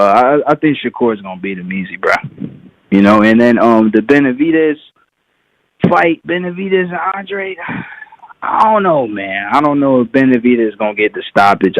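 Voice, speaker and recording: A man's voice: fairly low pitch, no echo, lo-fi sound. A man calling into a boxing podcast, talking in a laid-back slangy way with many fillers. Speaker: caller. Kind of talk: call-in boxing analysis.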